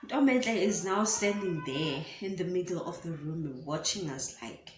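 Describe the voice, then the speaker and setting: A young South African woman vlogger with a South African accent, telling a personal story in an animated way and slipping into isiZulu words. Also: lowish voice, normal speed. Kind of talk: storytime vlog. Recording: roomy room with faint ambient noise.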